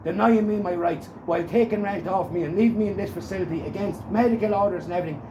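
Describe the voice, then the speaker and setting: Agitated high-voiced Irish man. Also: quick pace, echoey room, noisy background. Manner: agitated, insistent, repeats demands. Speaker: complainant at a police station. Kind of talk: heated confrontation, filmed.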